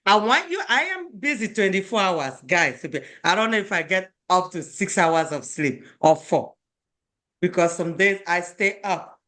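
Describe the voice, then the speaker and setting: A woman leads an adult beginners' class with a bright, forward voice. Her pitch swings a lot as she coaxes students, repeating phrases and slipping between English and Igbo. She sounds warmly insistent about practice. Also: expressive, measured pace. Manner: encouraging, coaxing, repeats phrases often. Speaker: language teacher.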